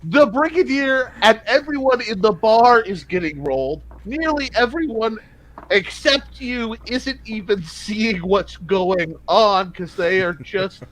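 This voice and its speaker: A game master tells the scene in an unhurried way. The voice moves up and down with energy and often stumbles over repeated words. There is a light hiss behind it. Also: mid-range voice, low-quality recording. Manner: animated, stumbling restarts. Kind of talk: narrating a tabletop game.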